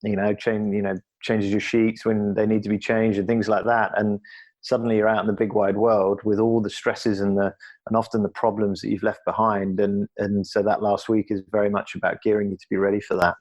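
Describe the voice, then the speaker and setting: A man's voice: fairly low pitch, little pitch movement, a little fast, a little mellow. A middle-aged man from England speaking as a podcast guest, earnest and reflective, often restarting his sentences. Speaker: podcast guest, former athlete. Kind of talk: candid conversational interview.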